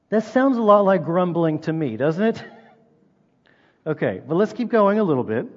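A man preaching a sermon in a relaxed, conversational way, asking the listeners rhetorical questions. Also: high-pitched, moderate pace. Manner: conversational, reads scripture aloud, asks rhetorical questions. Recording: reverberant dull-sounding hall.

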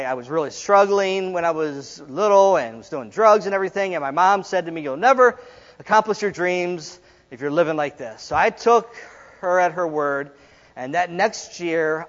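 High-voiced man preaching in a hall. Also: a bit bright. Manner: storytelling, acts out quotes, laughs often. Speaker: pastor. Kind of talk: sermon. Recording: dull sound in a reverberant hall.

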